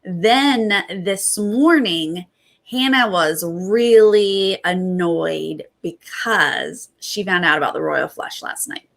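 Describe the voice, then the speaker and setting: A young adult woman hosting a casual recap, retelling events in animated bursts and quoting others. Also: fairly low pitch, takes it slowly, vocal fry. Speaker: host.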